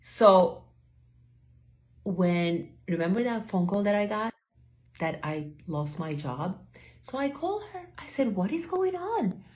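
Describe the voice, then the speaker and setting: A woman's voice: mid-range voice, expressive, takes it slowly, pauses often, a little mellow. A middle-aged woman from Turkey, hosting a solo podcast and telling her story in a chatty, rambling way full of tangents and self-corrections. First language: Turkish. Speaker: host, beauty academy owner.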